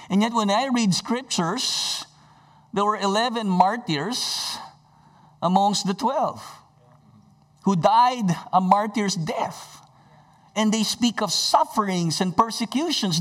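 A man delivers a sermon in a fairly high voice. He retells scripture dramatically, rising sharply for emphasis and dropping low and soft for quiet lines. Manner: dynamic preaching with sudden swings in pitch and volume. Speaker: pastor.

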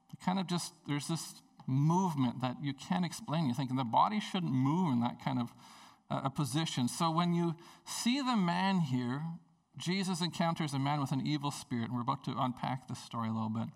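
Gravelly man preaching a lively sermon. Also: on the high side, recorded from a distance. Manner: conversational, animated storytelling preaching. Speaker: pastor. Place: church service.

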